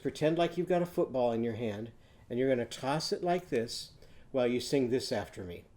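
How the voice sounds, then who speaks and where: In a mid-range voice, a man teaches a children's reading lesson. He tells a story gently and patiently, then leads slow songs for the kids to sing back.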